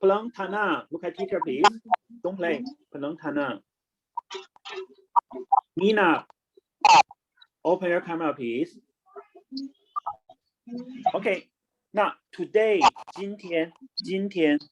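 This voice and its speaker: A man teaching an online class to children, talking slowly, repeating words and spelling them out, switching between English and Chinese. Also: high-pitched, background noise.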